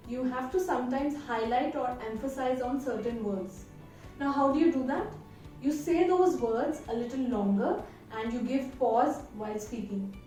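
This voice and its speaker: A woman's voice: fairly high pitch, warm tone. Woman tutor in an echoey room. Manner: clear, deliberate teaching delivery. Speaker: IELTS tutor. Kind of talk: instructional video lesson. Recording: very echoey room, from a distance, faint music.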